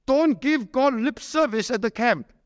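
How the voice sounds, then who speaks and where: A man preaches with strong emphasis, his fairly high voice rising to urge and dropping low to plead. His close voice is dry, yet a long reverb from the hall trails behind it. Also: expressive, measured pace. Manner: emphatic, swings between loud high urging and low quiet pleading. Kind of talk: sermon.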